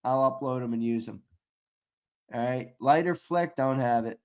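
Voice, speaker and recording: Hosting a sports live stream, this man speaks in a mid-range voice at a moderate pace. The podcast host keeps it playful, laughing a lot as he banters and reads the chat aloud.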